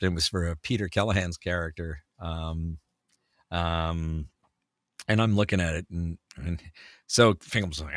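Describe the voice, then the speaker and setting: Man from Canada, voice actor guest, animated raconteur, forceful tone, dead-dry close mic. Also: deep voice, moderate pace, no echo. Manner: animated storyteller, acts out quotes. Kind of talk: casual anecdotal chat.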